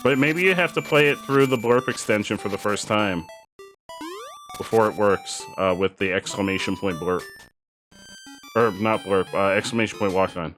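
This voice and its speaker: A man's voice: lowish voice, normal speed, a bit bright, soft background music. A man streaming a game, chatting casually and explaining things to viewers, often repeating himself. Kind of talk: casual live-stream chat while gaming.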